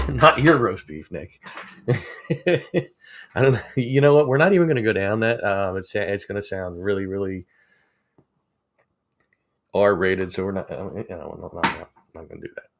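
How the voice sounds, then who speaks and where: A man's voice: low-pitched, normal speed, vocal fry, a little hiss or hum. A man, chatting casually with viewers on a livestream, rambling and chuckling as he reads the chat. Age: 40s. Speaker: livestream host.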